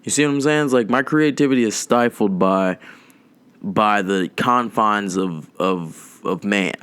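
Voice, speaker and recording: A young man hosting a podcast, talking in a loose, rambling way, swearing a lot and making dark jokes. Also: fairly low pitch, measured pace, smooth, no echo. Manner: rambling, profane, darkly joking, drawn out. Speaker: podcast host. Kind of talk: casual rambling monologue.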